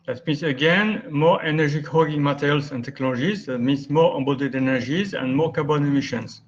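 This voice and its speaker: A man's voice: a little high, fairly quick, dull audio. A man from France with a French accent, giving a webinar lecture, explaining step by step and often correcting himself. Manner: explanatory, with frequent restarts and self-corrections. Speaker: guest speaker, architect.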